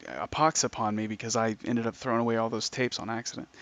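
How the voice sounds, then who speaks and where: A man's voice: medium pitch, steady tone, quick pace, fairly bright tone. A man in his thirties, a podcast host, telling old stories in casual, profane chat. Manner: swearing, laid-back storyteller acting out voices. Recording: dull lo-fi sound.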